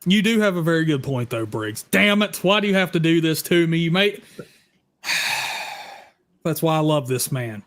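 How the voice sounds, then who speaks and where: A man hosting a live horror chat stream, loud and teasing, with shouted bursts. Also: on the high side, lively intonation, measured pace, pauses often. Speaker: host.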